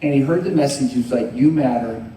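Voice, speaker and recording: A man's voice: medium pitch, fast talker, warm tone, a little hiss or hum. A man speaking on a convention panel, telling stories in an earnest, heartfelt way. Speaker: panel guest. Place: large convention hall. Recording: echoey hall, voice from far off.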